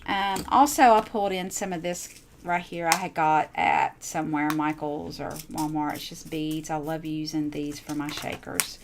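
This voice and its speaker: Woman, lower voice, gushing, rambling craft-room chatter. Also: steady tone, moderate pace, a little hiss or hum. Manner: chatty, gushing, repeats herself. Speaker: crafting channel host. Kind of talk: casual show-and-tell crafting chat.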